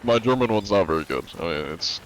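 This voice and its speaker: Low-voiced American streamer. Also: male voice, expressive, fast, slight background noise, rough recording. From United States. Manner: rambling, crude, joking. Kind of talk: casual live-stream chat.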